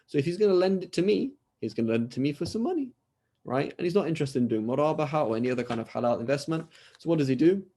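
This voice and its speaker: A man's slightly high, dark-toned voice comes through rapid-fire and expressive as he teaches. He's an Islamic scholar with a British accent lecturing a class by video call, chatting casually, repeatedly asking "right?" and acting out brief dialogues.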